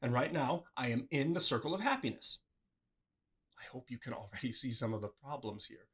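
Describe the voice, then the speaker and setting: Here a man hosts a thoughtful solo talk at medium pitch, with lively intonation, a fairly quick pace, and a fairly bright tone with a breathy edge. He asks the listener lots of earnest questions and regularly acts out brief quoted replies more animatedly.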